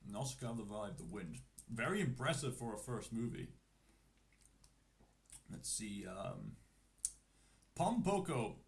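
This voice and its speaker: A man with a Scottish accent chatting casually on a livestream as he ranks animated films. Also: on the low side, gravelly, a little hiss or hum. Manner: unhurried, chatty, with lively rises and falls. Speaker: streamer ranking animated films.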